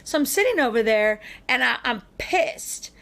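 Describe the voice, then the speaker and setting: A woman hosting a podcast, telling a long personal story in an animated, chatty way with frequent fillers. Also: on the high side, moderate pace, gravelly. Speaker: podcast co-host. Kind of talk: casual storytelling chat.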